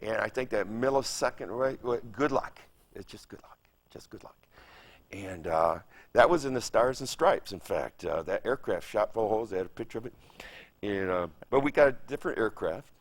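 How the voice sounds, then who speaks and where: This lowish, expressive voice belongs to a Michigan veteran in his seventies, talking a little fast as he shares memories for an oral history. He paints the scenes vividly, with emphasis, repetition, and sound effects.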